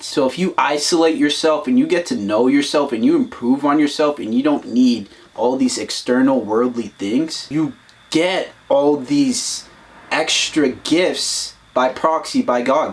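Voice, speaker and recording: A man co-hosting a casual podcast, lecturing in a mocking, preachy way. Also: mid-range voice. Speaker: podcast co-host.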